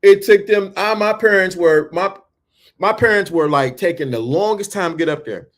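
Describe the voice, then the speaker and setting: A man telling a story in a talk, animated and full of stammering restarts. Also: sits high, normal speed. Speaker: speaker.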